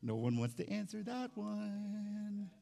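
Animated high-voiced preacher man. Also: slow, gravelly. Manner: animated, swings from loud emphasis to hushed low lines. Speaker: pastor. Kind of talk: sermon. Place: church service.

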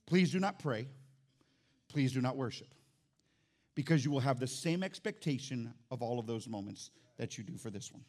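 A male pastor preaching an animated sermon in church, calling out to the congregation and acting out little scenes. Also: medium pitch, moderate pace. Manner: animated, acts out quotes, calls out to congregation.

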